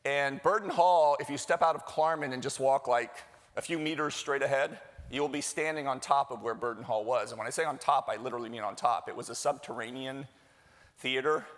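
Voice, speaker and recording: In a large hall with a long reverb, a middle-aged man, the executive director, delivers a chatty conference welcome, cracking jokes and putting questions to the live audience. His voice is mid-range and a bit bright, and he talks a little fast.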